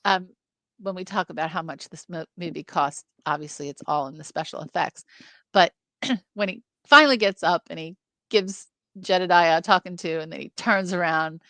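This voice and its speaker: Animated woman chatting about films. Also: normal speed, no echo. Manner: animated, acts out movie lines with sudden pitch jumps. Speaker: film review co-host. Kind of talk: casual film discussion.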